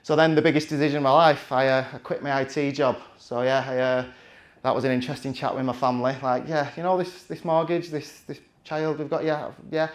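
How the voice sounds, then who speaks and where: A man's voice: medium pitch, level tone, fairly quick. A man, telling a chatty, self-mocking story from the stage with plenty of restarts. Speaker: conference speaker.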